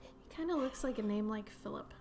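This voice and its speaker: A woman's voice: medium pitch, brisk, a little mellow, slight background noise. A young adult woman streaming her art, chatting casually in a playful, rambling way while she draws. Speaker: artist streamer. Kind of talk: casual chat while drawing.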